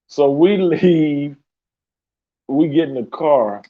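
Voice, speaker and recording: A man's voice: a little high, very slow, narrow, tinny audio. A man hosting a podcast, telling a story in a loose, profane way and laughing often. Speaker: podcast host.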